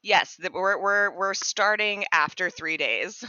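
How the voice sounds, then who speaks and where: A woman's voice: mid-range voice, measured pace, sharp tone, smooth, dry recording, muffled recording. A woman narrating as game master of a tabletop game, casual and giggly, with lots of fillers.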